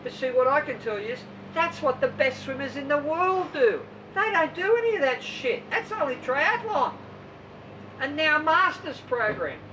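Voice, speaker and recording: A woman's voice: sits high, big pitch swings, normal speed, a bit bright, far from the mic, muffled recording. Woman swim coach, blunt and outspoken, talking to a squad; recorded off-mic, faint road noise. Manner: blunt, emphatic, mocks other coaches' methods. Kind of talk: informal coaching talk to athletes.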